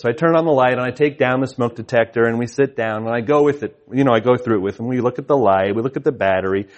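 A man in his thirties preaching at a conference in a medium-pitched voice. He tells homey family stories with self-deprecating jokes. He often stumbles into restarts. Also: fast, few pauses. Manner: casual storytelling, frequent restarts, self-deprecating humor. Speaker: conference speaker. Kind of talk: sermon with family anecdotes.

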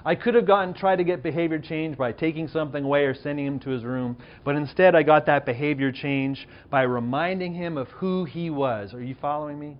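A church pastor in his thirties delivers a conversational sermon built around a personal story, making fun of himself and quizzing the audience. His voice is slightly high and a little fast, with few pauses, and the recording's highs are cut off.

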